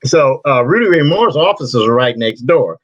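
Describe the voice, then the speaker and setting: A man's voice: mid-range voice, animated, normal speed. A man telling blunt, profane stories as a comic book illustrator being interviewed. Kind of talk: casual interview storytelling. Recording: dull lo-fi dry audio.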